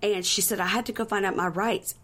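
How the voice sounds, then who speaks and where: A woman's voice: mid-range voice, fairly quick. A woman co-hosting a podcast, retelling scenes casually and acting out the quotes. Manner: animated retelling with acted-out quotes. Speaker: podcast co-host. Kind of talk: casual recap chat.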